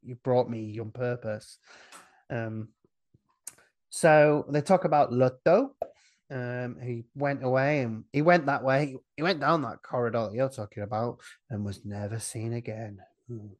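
A man's voice: medium pitch, unhurried, lo-fi sound. A man co-hosting a casual chat, retelling a film scene by scene in a rambling, jokey way, breaking into silly voices. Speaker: podcast co-host recapping a film.

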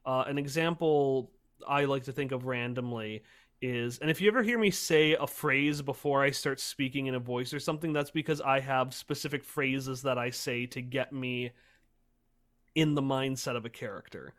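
A man who runs tabletop games, explaining his approach in casual podcast chat with lively energy. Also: mid-range voice, moderate pace. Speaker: tabletop game master.

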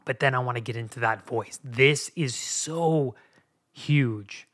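A man's voice: medium pitch, slow, a bit bright. A man in his thirties hosting a podcast, speaking in an earnest, confessional way about his own recovery. He often repeats and restarts phrases as he talks. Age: 30s. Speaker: podcast host. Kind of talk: personal recovery monologue.

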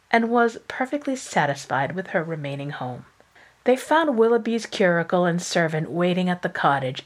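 A woman podcast host reading a novel aloud. Her delivery is upbeat and clear. Her voice sits on the low side for a woman.

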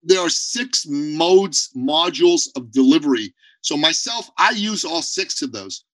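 Bright, high-voiced man talking bluntly. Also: unhurried, no room sound, low-quality recording. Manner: emphatic, blunt, animated storytelling. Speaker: podcast guest, business owner. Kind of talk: energetic interview talk.

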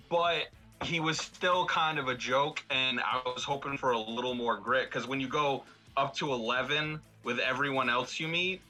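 A man's voice: mid-range voice, sharp tone, poor audio. A man talking casually on a podcast panel about a film, rambling with many fillers and restarts.

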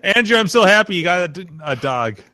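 Bright-voiced man joking on a call. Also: high-pitched, very animated, quick pace, no echo. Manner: joking, loose, tipsy banter. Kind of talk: casual chat over a video call. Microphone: video call.

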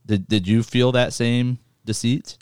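A man co-hosting a podcast, chatting casually about a movie in an easygoing way, often chuckling and pausing on "um". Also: medium pitch, steady tone, a little mellow, smooth, no room sound, clean studio sound. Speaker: podcast co-host. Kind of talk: casual movie-discussion chat.

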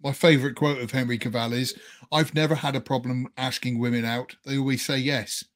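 A man's voice: medium pitch, level tone, a little fast. A man hosting a casual podcast chat, joking and laughing often. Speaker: podcast host.

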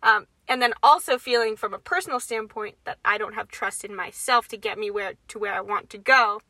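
A woman's voice: medium pitch, fairly quick, sharp tone, dry recording. A woman co-hosting a personal growth talk, speaking reflectively in a casual chat. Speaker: co-host of a personal growth group.

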